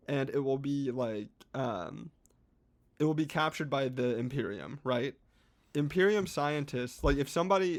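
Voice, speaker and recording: A man, a podcast co-host, excitedly explaining his favorite hobby in a casual, rambling chat with frequent restarts. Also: medium pitch.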